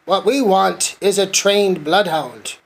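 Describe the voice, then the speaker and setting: A man's voice: high voice, slow pace, gravelly, slight background noise, exaggerated voice. A man voicing a gloomy, self-pitying male donkey from a storybook, in a mournful, sarcastic way.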